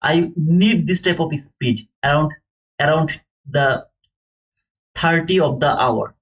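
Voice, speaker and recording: A man streaming live to viewers, thinking aloud in halting, repetitive phrases as he explains a trade. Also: a little high, rough recording. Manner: talks to chat viewers by name. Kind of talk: live market commentary to viewers.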